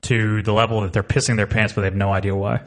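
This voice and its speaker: A man's voice: fairly low pitch, little pitch movement, quick pace. A man co-hosting a comedy podcast, talking in a loose, joking way. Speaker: podcast co-host. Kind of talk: casual comedy chat.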